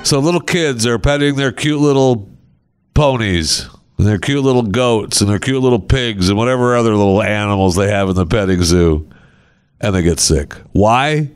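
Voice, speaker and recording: An American man hosting a podcast, chatting casually and acting out stories with sound effects. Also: medium pitch. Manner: animated storyteller, acts out scenes with sound effects. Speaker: podcast host. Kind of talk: casual chat.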